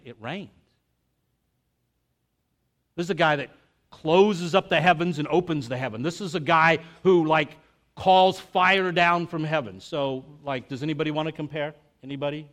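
A man preaching a conversational sermon, telling stories with energy and asking the congregation questions. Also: a little high. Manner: animated storytelling, acts out quotes. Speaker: pastor.

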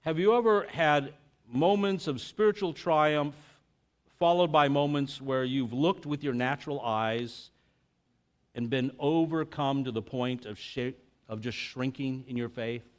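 A man's voice: mid-range voice, unhurried. A man preaching a conversational sermon, telling stories with energy and asking the congregation questions. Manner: animated storytelling, acts out quotes. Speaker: pastor.

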